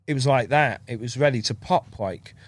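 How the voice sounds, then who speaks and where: Bloke rambling thru a story, acting out quotes, dead dry sound. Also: male voice, mid-range voice, moderate pace, dry recording. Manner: rambling storyteller who acts out quotes and laughs often. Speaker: podcast guest. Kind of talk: casual chat.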